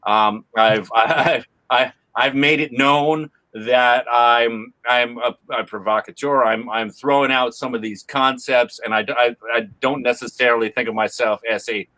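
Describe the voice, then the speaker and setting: A man's voice: mid-range voice, fairly even intonation, sharp tone, poor audio. A man talking as a guest in a casual panel chat, full of restarts and fillers. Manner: halting, many restarts and fillers.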